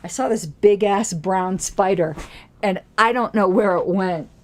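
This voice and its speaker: A woman hosting her own political commentary show from a home studio. She talks in a chatty, rambling way, gets excited, and reads aloud from old newsletters. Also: mid-range voice, a little slow.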